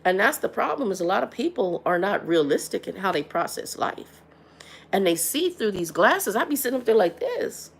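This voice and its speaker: Middle-aged woman host, gravelly and frank, livestream chat, repeats herself. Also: mid-range voice, sing-song, moderate pace. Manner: frank and blunt, stumbles and repeats words.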